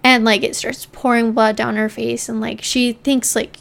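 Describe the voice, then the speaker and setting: A woman's voice: on the high side, flat delivery, moderate pace, gravelly. A woman co-hosting a podcast, casually telling a true-crime story and often saying "like" as she goes. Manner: chatty, leans on "like" while narrating.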